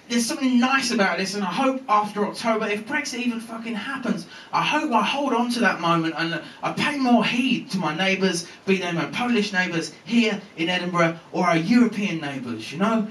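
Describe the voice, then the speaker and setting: A man's voice: sits high, animated, fairly quick, a bit bright, echoey room, distant mic, a little hiss or hum, poor audio. A man performing a live stand-up routine at a comedy venue, swearing freely and acting out the characters in his stories.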